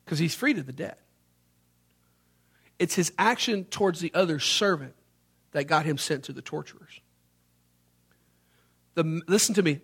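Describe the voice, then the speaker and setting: A man, from Memphis, Tennessee, preaching a sermon as an animated storyteller who acts out the scenes. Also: on the high side.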